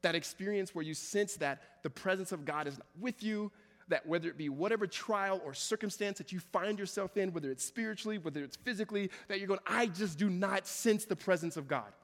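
Pastor, male, high voice, impassioned preacher who repeats lines for emphasis, long hall reverb. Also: fairly quick, fairly bright tone. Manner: preaches with rising intensity, repeating phrases. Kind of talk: sermon. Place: church sanctuary.

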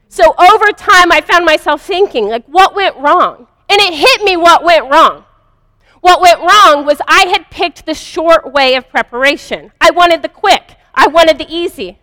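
A woman's voice: sits high, pushed and bright, no room sound, long reverb tail. A woman earnestly telling a personal spiritual story in a confessional first-person way. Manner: earnest, confessional, vivid retelling. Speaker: speaker sharing a personal story.

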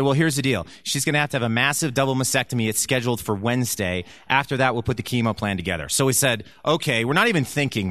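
A man of forty stands before a church group and tells his story in a candid, conversational way, with a wry, self-deprecating streak. His voice is bright and forceful. The sound is dry and close, with little room around it. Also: medium pitch, no room sound. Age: 40s. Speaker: church elder giving a testimony. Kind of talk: personal testimony talk to a church group.

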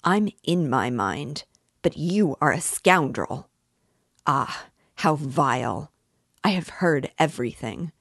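A man's voice: on the high side, lively intonation, slow, vocal fry, fairly bright tone, slightly rough, no room sound, clean studio sound, full character voice. A woman voicing a heated, righteous young man. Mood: indignant, heated. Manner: heated, insistent, repeating himself. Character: earnest angry young man, short-sighted, righteous.

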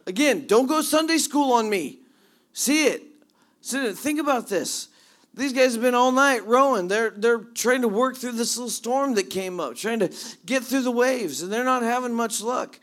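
Guy preaching, fairly high voice, gets all excited retelling the story then drops quiet. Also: normal speed. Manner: animated storyteller, jumps between hushed asides and excited retelling. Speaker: pastor. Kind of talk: sermon.

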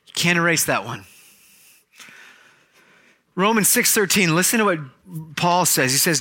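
A man preaching a sermon in church, telling a story with jokes and quick asides. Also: high-pitched, expressive, pushed and bright. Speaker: pastor.

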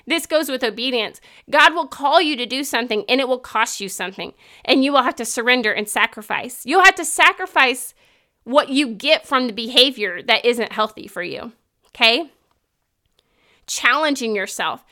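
Bright high-voiced woman giving an earnest talk. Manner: earnest, emphatic, acts out inner voices in quotes. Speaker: Christian speaker. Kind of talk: faith-based teaching talk.

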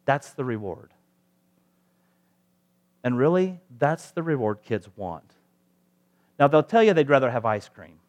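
A man's voice: mid-range voice, animated, measured pace, pauses often, darkish tone. A man preaching a sermon in a conversational way, asking rhetorical questions and acting out little quoted voices.

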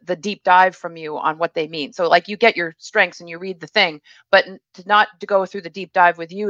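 A woman host chats in a relaxed, agreeable way with her guest. Her voice sits fairly low. The audio is dull, lo-fi and dry. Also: no echo. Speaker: show host. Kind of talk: casual interview chat.

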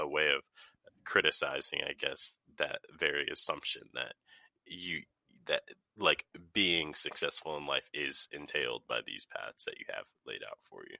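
A man's voice: rumbling low, gravelly, sharp tone, dry recording. A young man in a casual film talk, thoughtful and analytical, hedging as he goes.

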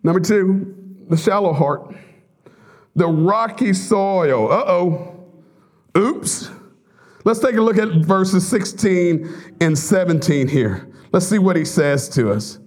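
A man preaching a sermon as pastor, telling stories with laughter and sudden high excited outbursts. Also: slow, pauses often.

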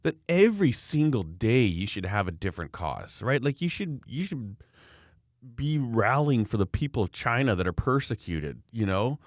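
A man's voice: mid-range voice, normal speed, no echo, clean studio sound. A man talking in a casual, opinionated, rambling way, acting out the people he quotes. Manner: opinionated, rambling, animated quoting. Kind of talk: casual political chat.

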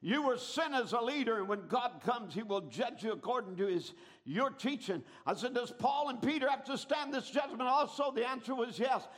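Very high-voiced preacher man. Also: expressive, moderate pace. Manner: dramatic storytelling with sudden shouted peaks. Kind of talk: sermon.

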